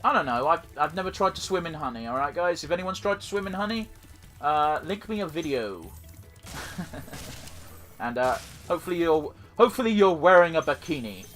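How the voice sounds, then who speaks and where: A man's voice: on the high side, lively intonation, normal speed, long pauses, a bit bright, faint music behind. A man hosting a let's play, giving rambling, profane, self-deprecating commentary while he plays. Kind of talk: casual gameplay commentary.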